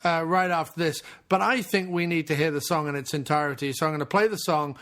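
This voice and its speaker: A man hosts a podcast in an enthusiastic, casual way, leaning on fillers as he talks. His voice sits a bit higher than most men's. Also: fast talker, fairly bright tone. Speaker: podcast host.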